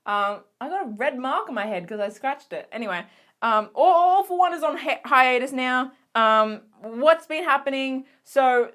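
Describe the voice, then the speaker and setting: A young Australian woman recapping her favorite shows in a casual, gushing vlog, giggly and excitable, full of fillers. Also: high voice, normal speed. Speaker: vlogger.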